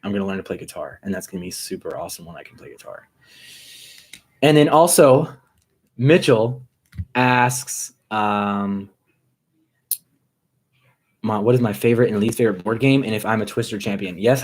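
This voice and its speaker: A musician hosting a casual live stream, chatting in an upbeat, rambling way with quick asides. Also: male voice, fairly low pitch, a little mellow, slightly rough.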